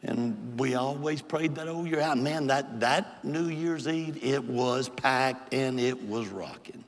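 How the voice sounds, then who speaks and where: An older man, a bishop, delivers an impassioned Pentecostal sermon and altar call in a large church sanctuary. His mid-range voice starts slow and pleading, then builds to hollering. Long hall reverb fills the big church.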